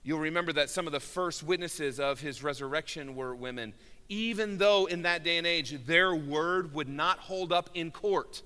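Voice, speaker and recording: Earnest preacher in a reverberant hall. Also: male voice, smooth. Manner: earnest preaching, swells loud on key words then drops low. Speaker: pastor. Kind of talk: sermon.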